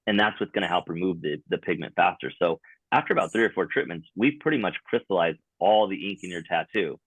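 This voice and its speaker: A man's voice: low voice, quick pace, slightly rough, no room sound. A man talking in a casual podcast chat as a guest, explaining his work in a laid-back way with frequent fillers. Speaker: tattoo removal specialist, podcast guest. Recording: dry, phone-like narrow sound.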